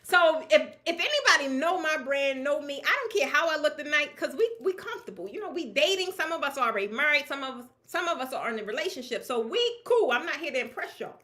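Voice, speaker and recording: A fast-talking woman with a high voice and few pauses addresses fellow professionals about her draping business. Her delivery is casual, animated and emphatic, in colloquial terms, with plenty of laughter.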